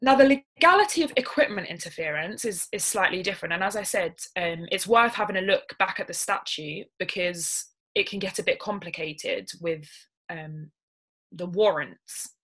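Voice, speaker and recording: Bright-voiced woman barrister explaining law. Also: fairly low pitch, moderate pace, rough recording. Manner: careful, explanatory, with many ums and restarts. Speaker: barrister presenting a legal webinar. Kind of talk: webinar presentation.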